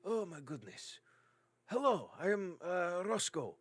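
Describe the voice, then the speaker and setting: A man voicing a gruff, excitable male dwarf strongman in a tabletop game, shouting frantic exclamations. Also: high-pitched, a little slow, no echo, voice pushed up, heavily acted. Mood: delighted.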